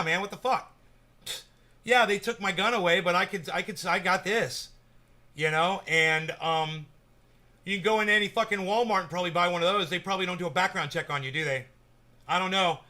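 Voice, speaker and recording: A man with a high, bright voice hosts a live cannabis stream. He rants and swears constantly, drops into low asides and then rises into loud, fired-up bursts. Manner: swears heavily, swings from muttering to excited shouting. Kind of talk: profane ranting live show chat.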